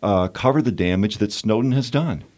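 A man hosting a political talk radio show, measured and emphatic, building to indignant points. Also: lowish voice, a little mellow.

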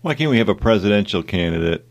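A man's voice: fairly low pitch, animated, fast, muffled recording. A man co-hosting a talk radio show, giving his opinions in loose conversational chat. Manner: opinionated, conversational, frequent fillers. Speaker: radio co-host.

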